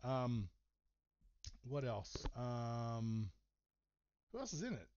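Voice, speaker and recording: A man's voice: mid-range voice, very animated, extremely slow, a little mellow, slight background noise. A man hosting a podcast, telling a story in casual chat, swearing and rambling with lots of fillers. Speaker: podcast host. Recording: slightly dull, muffled sound.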